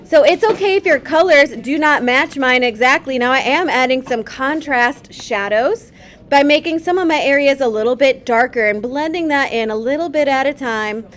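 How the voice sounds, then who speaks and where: A woman art teacher giving a chatty, gentle painting demonstration in a classroom. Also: high-pitched.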